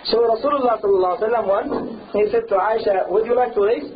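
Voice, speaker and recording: A man preaches in English with humor, acting out the voices of the people he describes. His voice sits high. The recording is thin and tinny, like a phone line. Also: rapid-fire, a little hiss or hum. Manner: humorous, animated, acts out quotes. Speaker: Islamic preacher. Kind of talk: sermon.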